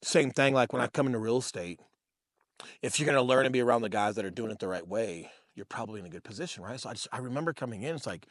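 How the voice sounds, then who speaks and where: Expressive and fast at a medium pitch, a thirtysomething podcast co-host who works as a real estate agent tells casual stories laced with swearing. He calls his listeners dude and bro, and the clean studio audio has no room sound.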